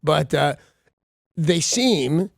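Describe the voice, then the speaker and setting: A man's voice: a little high, animated, drawn-out words, gravelly, dry recording. A man hosting a radio morning show, chatting casually in a rambling, self-mocking way full of restarts, on a studio microphone. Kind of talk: casual on-air banter.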